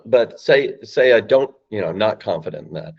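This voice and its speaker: Male podcast guest, deep-ish, very lively delivery, dull lo-fi audio. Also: normal speed, gravelly. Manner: emphatic, acts out phone lines, rising and falling voice. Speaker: guest, sales company founder. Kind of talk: animated podcast explanation.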